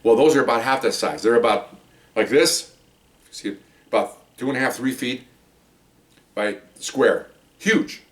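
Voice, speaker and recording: A man's voice: mid-range voice, unhurried, long pauses. A man, a police officer, casually telling a long rambling story from his work, often checking in with his listener. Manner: rambling, chatty, checks in with "okay?". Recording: voice a bit distant from the mic.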